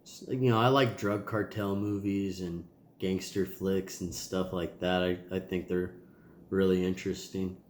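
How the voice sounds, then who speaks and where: A man's voice: sits low, little pitch movement, a little slow, a little mellow, roomy sound, slight background noise. A man with a nasal voice, a tired and sore father talking casually to his kids in a rambling video diary. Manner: rambling, loose, with many ums and sighs.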